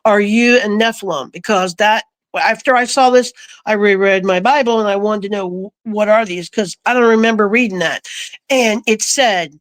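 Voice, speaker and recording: A woman recounting a personal story in a casual, animated way, acting out the voices she quotes. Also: mid-range voice, moderate pace, no echo. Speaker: guest.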